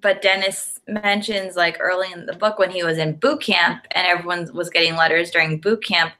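A woman's voice: on the low side, steady tone, normal speed, sharp tone. A woman co-hosting a casual chat show, easygoing, laughing often and leaning on "like" as she talks. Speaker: podcast co-host.

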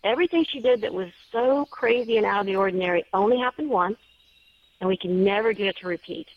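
A woman's voice: medium pitch, fast, no echo. A woman guest on an interview show, telling a personal story in a chatty way with small restarts. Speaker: guest, paranormal story writer. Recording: dry, slightly dull lo-fi sound.

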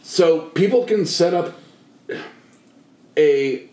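A man's voice: fairly high pitch, drawn-out words, darkish tone, roomy sound, rough recording. A man co-hosting a podcast, telling a rambling story with lots of fillers in casual chat. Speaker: podcast co-host.

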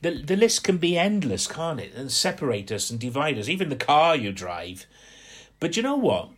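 A man from Hampshire giving a gentle, rambling radio devotional reflection, with frequent fillers. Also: fairly high pitch, very animated, moderate pace, husky. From Hampshire, England.

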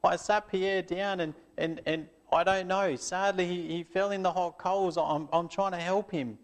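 Man playing young village girl, stammering, pleading, raised pitch, storybook. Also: fairly even intonation, moderate pace. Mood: anxious. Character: frightened young village girl, a new believer.

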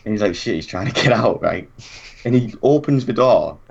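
Young man, low voice, lively storyteller who acts out the quotes; dull lo-fi recording. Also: normal speed, vocal fry, breathy edge. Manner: animated anecdote, acts out quotes, laughs often. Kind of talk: casual chat.

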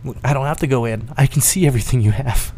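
A man's voice: mid-range voice, fast talker, dark tone, a little hiss or hum. A man co-hosting a podcast in casual crude banter, sarcastic and wisecracking. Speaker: podcast co-host.

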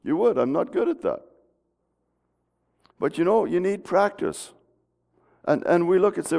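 A man's voice: sits high, big pitch swings, measured pace, gravelly, pauses often, darkish tone. A middle-aged man preaching a folksy, conversational sermon in a church, often restarting his sentences. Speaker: pastor. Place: church sanctuary. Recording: long reverb of a church hall.

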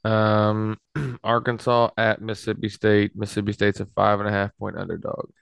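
A man's voice: on the low side, level tone, normal speed, gravelly, clean tone, no room sound. A man hosting a casual sports podcast, running through the picks in a laid-back, wry way. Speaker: podcast host.

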